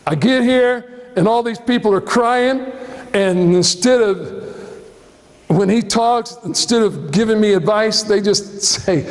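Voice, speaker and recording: A man preaching a sermon as a pastor, telling the story in an animated way and acting out the scene. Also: very high voice, measured pace. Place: church. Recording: long church hall reverb.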